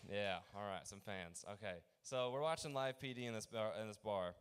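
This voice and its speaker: A young man performing a rambling open mic stand-up set, halting often with fillers and restarts. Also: lowish voice, clear, resonant tone.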